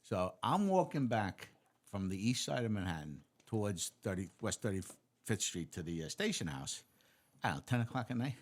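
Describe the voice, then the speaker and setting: Low-voiced New man recalling stories. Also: moderate pace. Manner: relaxed recollection with street-by-street detail. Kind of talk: casual storytelling.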